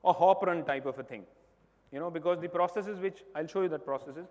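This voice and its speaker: A high-pitched Indian man speaks from a stage in a large hall, and his voice carries a long reverb. He tells his story emphatically, rising to loud bursts and dropping to near-quiet passages. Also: fairly quick. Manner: emphatic storytelling, swings between loud and soft. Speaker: keynote speaker. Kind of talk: motivational stage talk.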